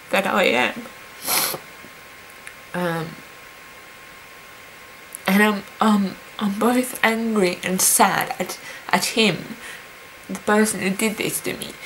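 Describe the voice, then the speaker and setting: A young woman speaking in a personal confessional vlog, hesitant and halting, with many pauses and fillers. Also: medium pitch, fairly bright tone, slight background noise, poor audio. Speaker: vlogger.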